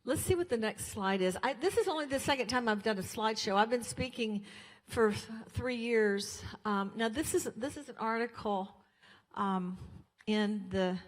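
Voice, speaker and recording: A woman's voice: a little high, normal speed. An older woman from Colorado giving a chatty, storytelling speech to an audience, acting out the voices in her own anecdotes. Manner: chatty storytelling, acts out dialogue. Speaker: guest speaker at a fundraiser. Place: church hall. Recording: long hall reverb.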